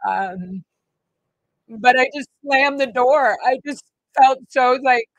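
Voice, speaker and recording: A woman's voice: high voice, slow pace, no room sound, rough recording. Rambling emotional woman vlogger, dry sound. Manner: rambling, emotional, many fillers and restarts. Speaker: vlog host. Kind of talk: casual personal storytelling.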